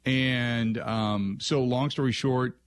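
A man's voice: medium pitch, steady tone, slow. A man hosting a sports radio show, talking casually and rambling with fillers between segments. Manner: rambling, chatty, lots of filler and restarts. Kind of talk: casual radio talk with call-in prompts. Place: radio studio.

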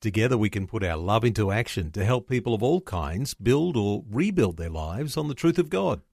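A man's voice: lowish voice, sing-song, normal speed, creaky, a little mellow, no room sound, clean studio sound. An Australian man, the chief executive of a station, reading a scripted upbeat appeal. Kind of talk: scripted promo read.

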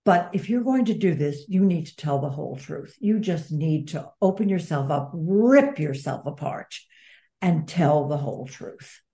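Speak as a woman guest in a heartfelt interview. Your voice sits low and mellow, and you talk earnestly and reflectively, weighing each thought. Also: expressive, unhurried. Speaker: guest author and advocate. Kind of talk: interview conversation.

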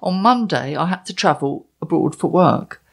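Lower-voiced woman, dry and teasing. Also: expressive, moderate pace, vocal fry. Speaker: columnist and podcast host. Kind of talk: casual chat.

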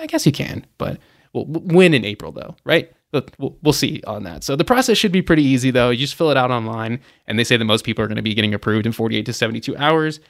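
A man's voice: mid-range voice, vocal fry, dry recording, clean studio sound. A man hosting a travel news podcast, running through the news in a casual, opinionated way with lots of fillers. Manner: chatty and opinionated, many "you know" fillers. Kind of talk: casual news rundown with commentary.

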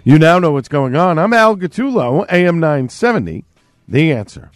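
A man with a fairly high voice reads local radio news in a steady, crisp way. The sound is close and dry, straight from a studio mic. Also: normal speed, no room sound, faint music behind. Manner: crisp, steady newsreading delivery. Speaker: radio co-host and news anchor. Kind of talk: local news reading and casual banter. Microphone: studio microphone.

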